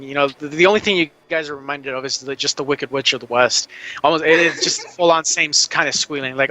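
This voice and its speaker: A man with a fairly high, very bright voice narrates a tabletop role-playing game as its game master. He stops and restarts often and leans on fillers as he describes the scene. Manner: halting, filler-heavy narration.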